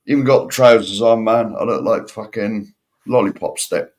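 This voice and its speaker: A man's voice: on the low side, moderate pace. A man, a guest in a casual football chat, talking in laid-back sweary banter.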